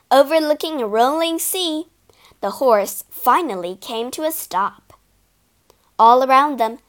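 Slow, high-voiced woman reading a fairy tale. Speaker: storyteller. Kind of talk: scripted narration of a fairy tale.

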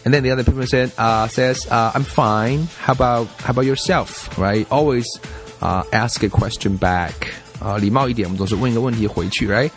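Male teacher, bilingual explanation, repeats phrases, soft music underneath. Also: mid-range voice. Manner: repeats example phrases slowly, switches between Chinese and English. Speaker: language teacher.

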